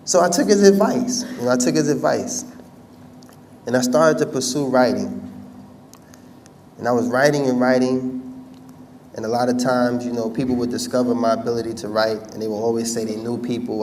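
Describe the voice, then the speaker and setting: A man's voice: mid-range voice, a little fast, a little mellow, recorded from a distance, a little hiss or hum. American man telling his story, from afar. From United States. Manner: conversational storytelling, addresses audience directly. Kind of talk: personal testimony talk.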